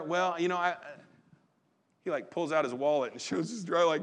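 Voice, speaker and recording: A man's voice: a little high, fairly quick, fairly bright tone. A pastor preaching a sermon in a folksy, conversational way, acting out the quotes he reads.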